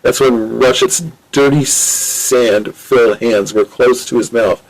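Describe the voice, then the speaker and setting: A man's voice: medium pitch, steady tone, slow, rough recording. A man reading his own adventure story aloud on a home microphone, in plain, repetitive narration. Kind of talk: amateur audiobook reading.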